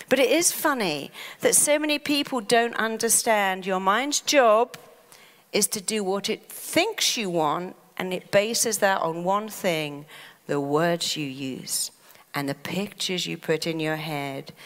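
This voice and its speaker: A woman therapist giving a motivational talk, lively and dramatizing inner voices. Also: on the low side. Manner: lively, acts out inner voices in quoted asides. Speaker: therapist and self-help speaker.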